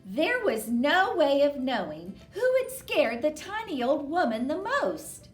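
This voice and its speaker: A children's librarian reading a picture book aloud, slow and dramatic. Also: female voice, high-pitched, very animated, faint music behind. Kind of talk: storybook read-aloud. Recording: roomy echo.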